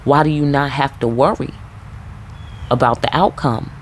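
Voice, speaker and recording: A woman's voice: a bass voice, moderate pace, a little hiss or hum. Laid-back, blunt New York woman. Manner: blunt, profane, laid back, animated asides. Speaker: tarot reader. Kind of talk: casual spiritual talk to viewers.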